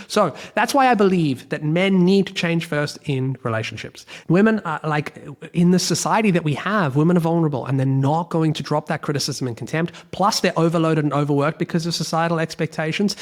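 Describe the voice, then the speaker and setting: Blunt, swearing Australian man. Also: fairly high pitch. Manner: blunt and emphatic, swears freely, repeats key phrases. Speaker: podcast host, relationship coach. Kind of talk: solo podcast monologue.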